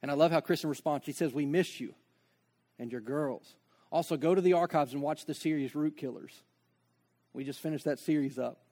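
A man's voice: fairly high pitch, brisk, warm tone. A man preaching a sermon as pastor, conversational, with joking asides and acted-out dialogue.

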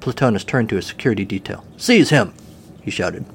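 A man's voice: lowish voice, fast talker, slight background noise. A man narrating a comic story in a dry, wry way.

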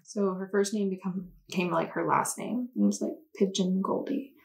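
A woman co-hosting a casual podcast, chatty and enthusiastic as she tells a spooky story. Her voice sits in a middle register with a noticeable gravelly fry. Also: medium pitch, fairly even intonation, normal speed, rough recording. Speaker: podcast co-host. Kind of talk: casual chat.

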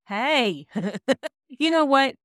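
A woman with a high voice co-hosts a casual podcast, talking frankly and laughing often. The sound is clean studio quality, with no room sound.

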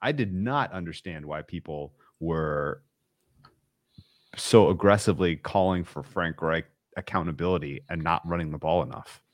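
A man co-hosting a casual sports betting show, rambling and relaxed with filler words. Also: low-pitched, moderate pace, no echo, clean studio sound. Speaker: podcast co-host.

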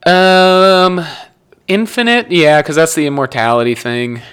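A man's voice: a little high, fairly even intonation, unhurried, a bit bright, clear, resonant tone. A young man from Nebraska chatting casually as a podcast guest, rambling through stories, correcting himself and laughing often. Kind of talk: casual chat.

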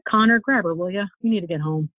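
A woman's voice: on the low side, quick pace, no room sound, natural voice. A woman reading aloud, voicing a blunt, slangy male thug boss who gives the orders. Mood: mocking. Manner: rough, slangy, commanding. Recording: tinny phone-like, dry sound.

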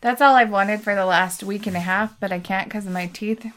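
A woman co-hosting a podcast at a middle pitch. She talks in crude, joking banter with her friend. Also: a little fast, fairly bright tone. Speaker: podcast co-host. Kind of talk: casual podcast chat.

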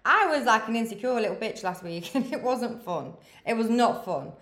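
A woman's voice: a little high, expressive, normal speed, fairly bright tone, reverberant. A woman of thirty giving a frank, motivational pep talk as a podcast host. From England. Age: 30s. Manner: frank, swears freely, big-sister tone. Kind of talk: candid motivational chat.

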